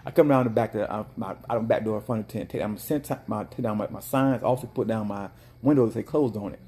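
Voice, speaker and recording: Small-business owner, male, low mellow voice, lively casual storyteller. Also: quick pace. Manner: animated, chatty storyteller with bursts of mock outrage. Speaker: dessert cart owner.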